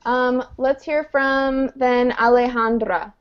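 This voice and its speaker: A woman's voice: sits high, level tone, takes it slowly, clean tone. A woman teaching an online English lesson, explaining grammar patiently and checking in with her students. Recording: muffled video-call audio.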